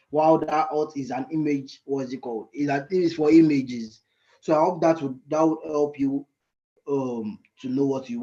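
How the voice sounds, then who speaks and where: A man mentors beginner frontend coders in a live online session, his voice sitting a little high. He thinks out loud as he types and keeps stopping to hunt for the right term. The sound is dull and lo-fi, like call audio. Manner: thinks aloud, often searching for words. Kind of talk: live screen-share coding lesson.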